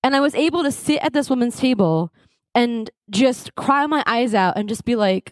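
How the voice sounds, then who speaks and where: On a live event stage, an American woman in her thirties speaking at a conference tells a comic, self-deprecating story to the audience. Her voice is on the high side and expressive, at a moderate pace, with no echo.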